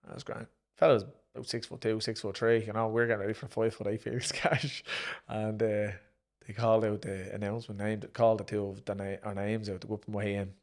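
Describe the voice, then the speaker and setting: A low, gravelly Irish man rattles through his boxing stories at speed. He talks casually and swears freely, acting out what he and others said back then. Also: level tone. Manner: brisk anecdotal telling, re-enacting his own exchanges, swears casually. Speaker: former pro boxer and promoter, guest. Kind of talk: casual storytelling interview.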